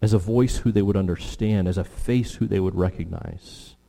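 A man's voice: moderate pace, gravelly, mellow. A man preaching a sermon, expounding scripture with emphatic, rising delivery when he quotes and restarts now and then. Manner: emphatic, rising in pitch and volume when quoting. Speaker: pastor. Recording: long hall reverb.

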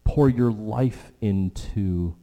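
A man preaching a sermon as pastor, earnest, with animated stretches and hushed prayerful moments. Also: lowish voice, extremely slow. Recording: long hall reverb.

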